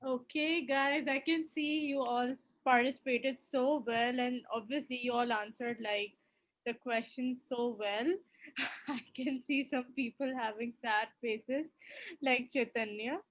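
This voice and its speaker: Casual high-voiced woman moderating class. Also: fairly even intonation, a little slow, a bit bright, no echo. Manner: casual, filler-heavy with um and like. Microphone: video call. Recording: dry, dull lo-fi call audio.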